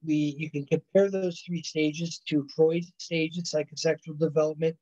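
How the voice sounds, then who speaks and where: A man's voice: fairly high pitch, a little mellow. A man teaching a college psychology class over a video call, rambling and correcting himself often, checking in with "right?" and "you know". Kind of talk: recorded online lecture. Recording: dull lo-fi video call audio.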